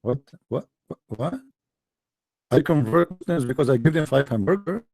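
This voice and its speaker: Taunting man with a dark, dry voice. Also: medium pitch, animated, normal speed, vocal fry, dry recording. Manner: mocking, taunting, emphatic. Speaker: live-stream debate host. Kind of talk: combative live-stream debate.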